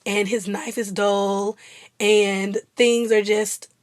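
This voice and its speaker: A woman's voice: medium pitch, takes it slowly, no echo. Chatty young woman, dry close sound. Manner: chatty, animated, laughs often. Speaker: vlogger. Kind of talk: casual chat.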